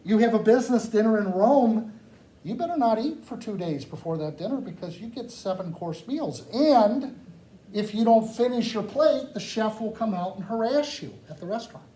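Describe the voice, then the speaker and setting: Animated high-voiced man talking to a crowd. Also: normal speed. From United States. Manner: animated, joking, asks the crowd questions. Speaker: speaker addressing a live audience. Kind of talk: lively talk with audience questions. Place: hall with live audience. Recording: echoey room, mic far off, faint noise.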